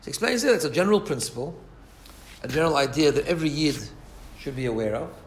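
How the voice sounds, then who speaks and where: A man's voice: fairly high pitch, expressive, fast, a little hiss or hum. A man teaching a text study class, reading Hebrew phrases aloud and translating them line by line, often asking questions and checking in with "right?". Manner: asks rhetorical questions and adds filler checks like "right?". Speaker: Torah teacher.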